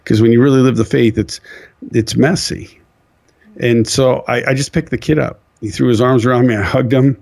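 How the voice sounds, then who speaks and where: An earnest man in a mid-range voice shares a personal faith story with a guest speaker's conviction. He speaks plainly and sincerely, pausing and restarting as the story moves him. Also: mid-range voice, steady tone, creaky, a little mellow. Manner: earnest, acts out quoted voices.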